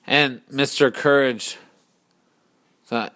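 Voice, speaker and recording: A man telling a story slowly and deliberately, pausing to explain its lessons. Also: mid-range voice, steady tone, fairly bright tone. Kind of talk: storytelling narration.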